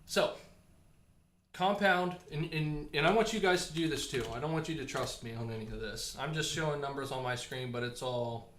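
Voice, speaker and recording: A man hosting a casual livestream, talking in a chatty, animated way and answering viewer comments while he slowly loses his voice. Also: mid-range voice, echoey room, a little hiss or hum. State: losing his voice. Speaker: livestream host.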